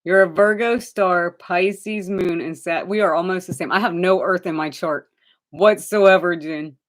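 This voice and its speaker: A woman's voice: on the low side, steady tone, a little slow. A woman giving live tarot readings to viewers, chatty and direct, addressing them by name and calling them honey. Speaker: tarot reader.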